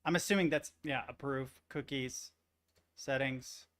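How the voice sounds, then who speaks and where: A man's voice: medium pitch, steady tone, measured pace, a bit bright. A young man streaming, chatting casually and reacting to articles, swearing freely and rambling through stories. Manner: profane, rambling, easily amused.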